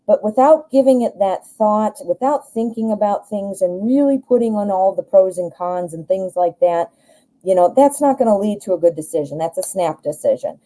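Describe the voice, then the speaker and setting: A woman's voice: medium pitch, mellow, rough recording. A woman with a Midwestern American accent hosting a live tarot reading, chatting casually and rambling enthusiastically with frequent restarts. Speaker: tarot reader, live show host.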